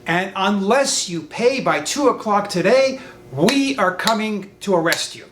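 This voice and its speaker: A man voicing a threatening male phone scammer who poses as a tax official, speaking in a deep, stern way. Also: expressive, unhurried, reverberant, noisy background.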